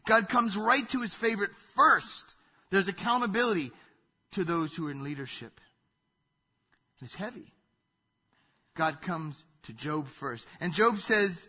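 A man preaching a sermon in a dramatic way, acting out quotes loudly and dropping to hushed asides. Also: high-pitched, animated, unhurried, long pauses, slightly rough, muffled recording. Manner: dramatic, swings between loud acted quotes and hushed asides. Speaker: pastor.

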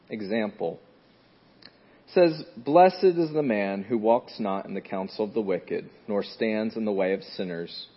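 A man delivers a sermon conversationally, telling a story full of fillers and restarts, his voice slightly rough and climbing loud and high at the dramatic moments. The recording is dull and lo-fi.

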